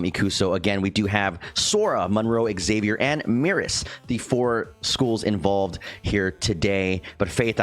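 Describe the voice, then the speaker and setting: A man with a fairly low voice hosts a live esports stream. He hesitates often and fills gaps with ums and restarts. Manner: halting, lots of ums and restarts. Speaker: esports caster host.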